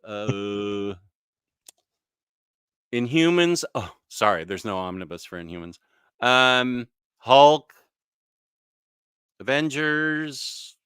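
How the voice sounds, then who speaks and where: A man's voice: mid-range voice, lively intonation, drawn-out words, pauses often, fairly bright tone, clean tone, dry recording, clean studio sound. A man hosting a casual live stream, chatting easily and answering viewer comments, with frequent fillers and small self-corrections.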